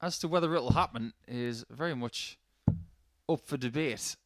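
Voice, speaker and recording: Male darts commentator, mid-pitched, dry close sound, chatty with anecdotes. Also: moderate pace, dry recording. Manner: chatty, anecdotal, jokey asides. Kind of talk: live sports commentary.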